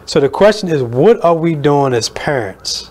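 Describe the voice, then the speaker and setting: A man hosting a radio talk show, speaking in an earnest, measured way with many fillers. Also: on the high side, expressive, darkish tone.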